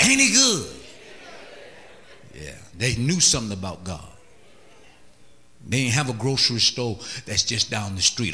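Animated preacher with a bright edge. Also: male voice. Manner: animated, exhorting, mimics voices in high pitch. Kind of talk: sermon.

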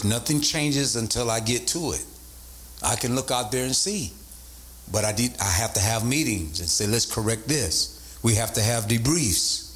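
Lively preaching bishop, a man. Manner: animated preaching, voice leaping up in pitch for emphasis; repeats phrases and calls out to the congregation. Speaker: bishop and pastor. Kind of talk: sermon.

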